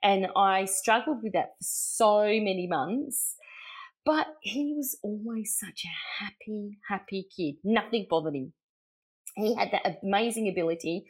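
A middle-aged woman with an Australian accent, telling personal stories as a guest in a casual chat, laughing often and acting out what people said. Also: mid-range voice. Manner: chatty, laughing, acts out quotes. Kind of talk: casual anecdotal storytelling.

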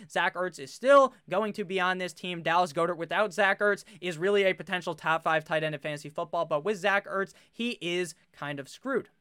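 Young male fantasy football vlogger, high bright voice, crisp and dry, animated and profane. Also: no echo. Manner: animated, swears freely, rambling asides. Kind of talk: casual draft commentary to camera.

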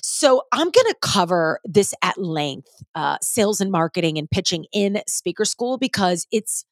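A woman's voice: medium pitch, sing-song, moderate pace, no room sound, clean studio sound. A woman in her forties hosting a casual solo podcast, talking in an upbeat, slangy way. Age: 40s. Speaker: podcast host.

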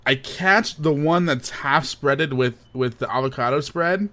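A young man co-hosting a casual chat show, telling a story in an animated, laughing way with playful overacting. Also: on the high side, measured pace. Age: young adult. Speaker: podcast co-host.

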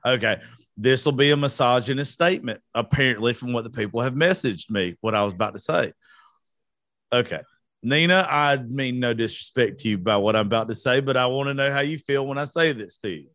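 A man's voice: mid-range voice, brisk, fairly bright tone, dry recording. Profane joking Southern man, dry close sound. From South Georgia, US. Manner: profane, joking, self-mocking. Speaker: podcast host. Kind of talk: casual unedited podcast banter.

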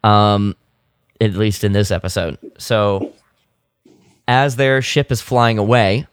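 Brief: low, smooth male co-host, casual rambling recap, dry close mic. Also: fairly even intonation, slow pace, no room sound. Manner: rambling, self-deprecating, many fillers. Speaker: podcast co-host. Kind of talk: casual chat, recapping an episode.

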